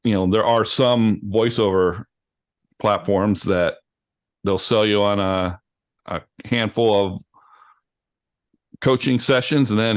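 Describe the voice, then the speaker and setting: A man's voice: fairly low pitch, takes it slowly, pauses often, no echo, clean studio sound. A man in a casual group chat about voiceover, sometimes stumbling and restarting his sentences.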